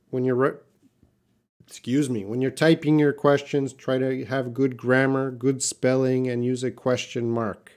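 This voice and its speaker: A man in middle age runs a live English class from his desk, reading out viewers' comments. He talks slowly and unhurriedly and draws out the words he demonstrates. His voice sits at an ordinary pitch for a man. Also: clean tone. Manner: relaxed, drawn-out, models words slowly. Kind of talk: live-stream lesson, reading chat comments.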